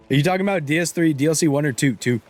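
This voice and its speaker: A young man streaming a game live, chatting casually and rambling, breaking off mid-sentence and laughing often, with hiccups. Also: on the high side. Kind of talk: casual live-stream chat while gaming.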